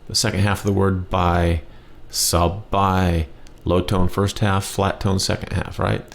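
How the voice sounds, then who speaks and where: A man teaching a language lesson, patiently repeating words slowly for learners. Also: sits low, little pitch movement, creaky. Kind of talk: slow spoken language lesson.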